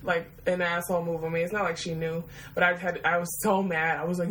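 A woman's voice: on the low side, fairly even intonation, fast, hardly any pauses, a bit bright, a little hiss or hum, rough recording. Profane, laughing woman telling a story. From Detroit, USA. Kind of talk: casual storytelling.

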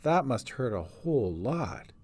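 A man voicing a kind young woman cleric who speaks softly and comfortingly in a storybook reading. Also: medium pitch, sing-song, unhurried. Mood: soothing. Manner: soft, comforting.

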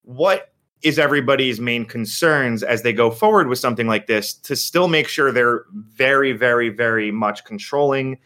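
A man hosting a casual podcast, brisk and teasing as he steers the conversation. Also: mid-range voice, bright, forceful tone. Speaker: podcast host.

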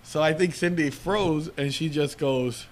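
A man's voice: fairly high pitch, measured pace. Man telling stories with frequent laughs. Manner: rambling storyteller, laughs often. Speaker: podcast co-host. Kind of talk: casual podcast chat.

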